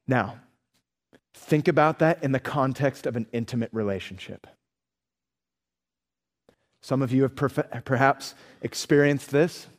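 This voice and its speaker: A man preaching a sermon with earnest, animated storytelling. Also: a little high, unhurried, pauses often, long reverb tail. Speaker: pastor.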